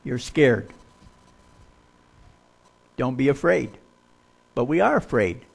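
A man preaching a sermon, telling folksy stories with humor and dropping to a hushed voice for suspenseful parts. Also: medium pitch, big pitch swings, takes it slowly, vocal fry, breathy edge.

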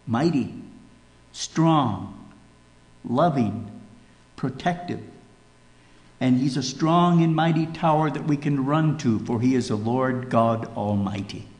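A pastor from Minnesota with a Minnesotan accent, preaching a dramatic sermon that swings between loud emphatic peaks and hushed lows. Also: male voice, takes it slowly, pauses often. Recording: echoey church hall.

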